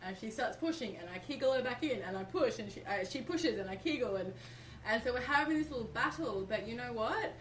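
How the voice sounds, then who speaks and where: Middle-aged woman from australia telling her story, lively, roomy echo, mic far off, noise behind. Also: on the high side, brisk. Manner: animated, acts out quoted speech. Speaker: interview guest. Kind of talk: personal storytelling.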